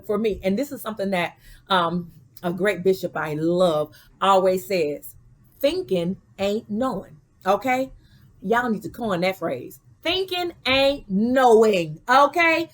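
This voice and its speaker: Woman spiritual teacher with a high voice. Casual, preachy and vernacular, and she keeps asking "okay?". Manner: preachy, repeats "okay?" and "you know what I'm saying" to the listener. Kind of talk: spiritual guidance talk.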